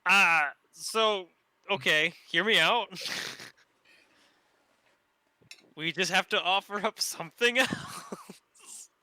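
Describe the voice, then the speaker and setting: Tabletop player, man with a very bright voice, eager, dry close sound. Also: high-pitched, very slow, pauses often, no room sound. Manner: eager, thinks aloud. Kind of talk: casual tabletop game chat.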